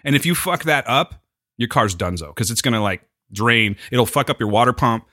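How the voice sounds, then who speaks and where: Young man, casual chat, joking rambling, lively pitch, bright voice, dry close sound. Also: a little fast, dry recording. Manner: joking, rambling, mock-serious asides. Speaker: podcast co-host.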